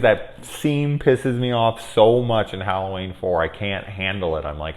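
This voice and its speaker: Deep-voiced, profane man reviewing horror films. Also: unhurried, few pauses. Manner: candid and profane, swinging from quiet musing to loud exasperated outbursts. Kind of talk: casual spoken film review.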